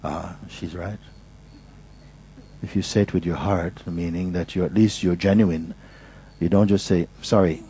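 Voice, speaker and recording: A man speaking as a spiritual teacher, patiently and softly giving advice at a gathering, often restarting his sentences. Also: low-pitched, steady tone, a little slow, long pauses, breathy edge, low-quality recording. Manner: patient, soft-spoken, with frequent restarts. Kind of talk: gentle advice in a question session.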